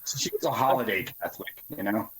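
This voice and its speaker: Halting man saying "man" a lot. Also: lowish voice, a bit bright, rough recording. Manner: halting, repeats words, says "man" often. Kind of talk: casual chat.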